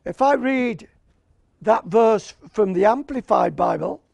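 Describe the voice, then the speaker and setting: A man with an Australian accent preaching a sermon, slow and emphatic, repeating key words and asking for an amen. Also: high-pitched, animated, gravelly, darkish tone, no room sound.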